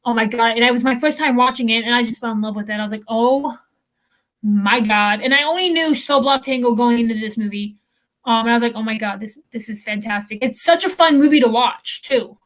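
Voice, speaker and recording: Young woman chatting on a podcast, kinda high voice, lots of ums and restarts. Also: fast. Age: young adult. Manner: rambling, many fillers and restarts. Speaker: podcast co-host. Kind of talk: casual chat.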